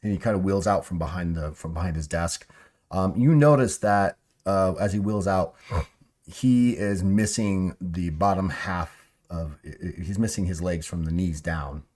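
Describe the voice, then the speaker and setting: A man's voice: sits low, normal speed, a little mellow. A man narrating a tabletop game as game master, rambling with many fillers and restarts.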